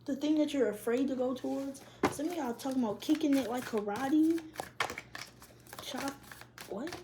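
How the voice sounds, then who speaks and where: A woman's voice: high-pitched, normal speed, background noise. A young woman, doing a casual tarot reading in loose, profane slang and laughing often. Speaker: tarot reader.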